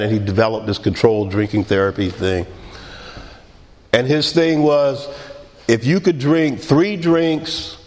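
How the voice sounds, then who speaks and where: A middle-aged man telling his own recovery story in an unhurried, wry way, laughing quietly at himself. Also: medium pitch, long reverb tail. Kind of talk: personal recovery testimony.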